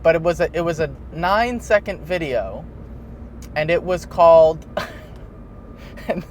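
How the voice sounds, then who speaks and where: A man's voice: fairly high pitch, lively intonation, slow, darkish tone, slight background noise. A man hosting a podcast in casual chat, rambling and laughing often as he tells a story. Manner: rambling, laughs often while telling stories. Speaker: podcast host.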